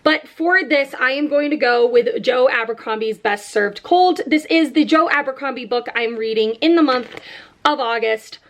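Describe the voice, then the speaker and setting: A woman chatting casually about the books she plans to read, talking fast and loosely with many fillers as she goes. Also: high-pitched. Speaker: book vlogger.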